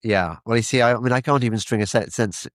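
A man's voice: mid-range voice, fast, no echo. An older man hosting an interview in casual chat, often repeating words as he stammers and chuckles.

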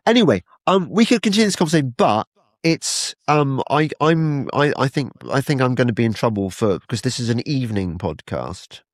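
A man's voice: medium pitch, sing-song, normal speed, dry recording, studio quality. A man hosting a casual podcast chat, often stumbling and restarting his sentences. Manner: hesitant, stammering restarts. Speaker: podcast host.

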